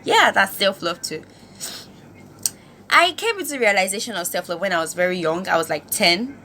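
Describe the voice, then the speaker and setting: A woman's voice: medium pitch, expressive, moderate pace, bright, forceful tone, slight background noise. A woman from Nigeria hosting her own channel, giving an emphatic motivational talk full of rhetorical questions. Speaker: host.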